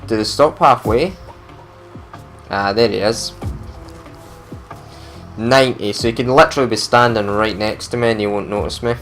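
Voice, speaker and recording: This man's voice is on the low side and a bit bright, at a moderate pace with frequent pauses, and soft music plays behind him. Doing a casual let's play, he talks to himself chattily and bursts out in frustration when the game goes badly.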